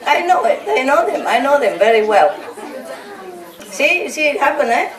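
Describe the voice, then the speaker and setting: A woman spiritual teacher chats informally to her disciples, laughing, teasing and telling anecdotes in a high voice with big pitch swings at a moderate pace. She is heard from a distance in an echoey room, where a large audience laughs and a faint crowd sound lingers.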